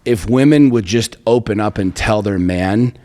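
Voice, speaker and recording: A podcast co-host with a fairly low, warm voice talks at a moderate pace on a relationship show. His casual chat is blunt and emphatic, packed with profanity, and the recording carries a long hall reverb.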